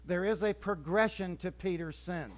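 This sermon comes from a man whose voice sits high, moving at a moderate pace. He brings the story to life conversationally, acts out scenes, and occasionally stumbles and restarts.

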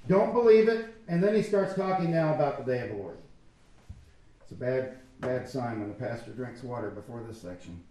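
A man's voice: mid-range voice, lively intonation, brisk, warm tone, slight background noise. A man preaching a sermon as pastor, talking conversationally and acting out quotes from people. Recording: echoey church hall.

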